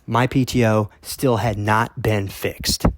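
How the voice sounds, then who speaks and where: A man's voice: on the low side, steady tone, takes it slowly, no room sound, studio quality. A man telling his own story in a casual monologue, emphatic and blunt, with frequent "okay?" check-ins, repeated words and the odd curse. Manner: emphatic, keeps asking "okay?", repeats himself; blunt, swears now and then.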